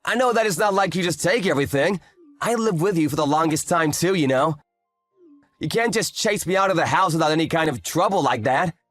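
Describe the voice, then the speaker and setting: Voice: medium pitch, expressive, fairly quick, a bit bright. Someone acting out a whiny husband in his late thirties, caught cheating and pleading defensively in a voiced story drama. Faint music plays under the voice.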